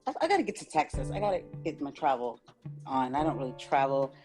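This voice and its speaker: A woman hosting a podcast, chatting casually and reacting with short, relaxed replies. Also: rumbling low, fast talker. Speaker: podcast host. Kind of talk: casual interview chat. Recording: podcast audio with music playing behind.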